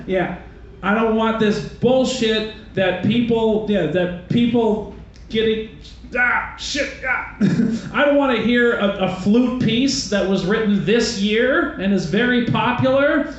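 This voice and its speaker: A male stand-up comic with a fairly high voice, rambling through his set in a profane, self-deprecating way. He speaks into a handheld stage mic. The sound is muffled and bounces around a very echoey club, with faint noise behind it. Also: takes it slowly. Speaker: stand-up comedian.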